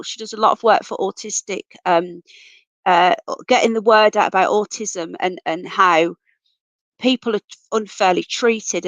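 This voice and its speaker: With no room sound, a woman with a mid-range voice hosts a casual livestream through an off-camera computer mic. She reads out comments from viewers and greets them as darling and sweetheart, though a cold is taking her voice.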